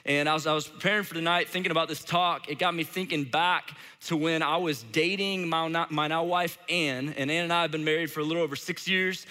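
Bright high-voiced man preaching casually. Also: steady tone, fairly quick, hardly any pauses. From Saint Louis, Missouri. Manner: casual, chatty, heavy use of "like". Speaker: pastor. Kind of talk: sermon. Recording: long hall reverb.

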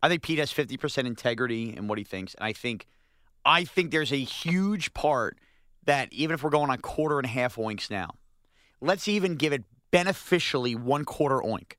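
A man's voice: medium pitch, lively intonation, normal speed, no echo. Indignant sports radio man, dry studio sound. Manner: indignant, shouting complaints. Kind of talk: animated sports radio banter.

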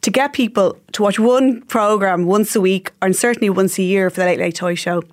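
A woman, a journalist guest on a podcast, explaining industry matters in a measured way. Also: medium pitch, fairly even intonation, darkish tone. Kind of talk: analytical podcast commentary.

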